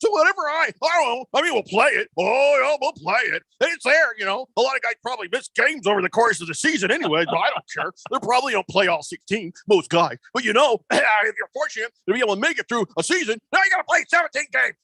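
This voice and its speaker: A man's voice: extremely high pitch, animated, fast talker, few pauses, pushed and bright, slightly rough, no room sound, heavily acted. A man playing a cranky old man who grumbles and complains, as a bit on a sports radio show. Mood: grumbling. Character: cranky old man griping about change.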